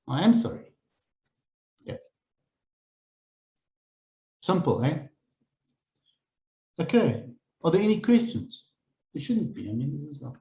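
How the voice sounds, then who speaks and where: A man's voice: medium pitch, animated, normal speed, pauses often, warm tone. A man giving a blunt, informal training talk to property agents, acting out phone calls with clients. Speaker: real estate agency principal training agents. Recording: echoey room, faint noise.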